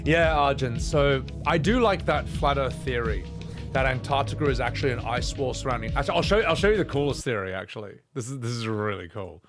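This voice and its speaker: A man's voice: medium pitch, lively intonation, fairly quick. A man streaming a game, rambling casually to chat with plenty of swearing, game music behind him.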